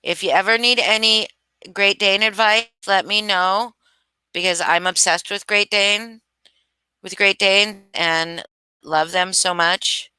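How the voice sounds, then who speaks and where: A woman's voice: medium pitch, fairly even intonation, slow pace, bright, forceful tone, clear, resonant tone, no echo. A woman hosting a casual live stream, gushing and swearing freely as she chats with viewers. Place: home.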